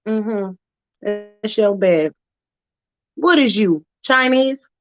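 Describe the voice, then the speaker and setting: A woman's voice: mid-range voice, animated, very slow, dull audio, soft background music. A woman voicing a brash, feisty young female roommate who talks bluntly with sassy slang. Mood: bossy.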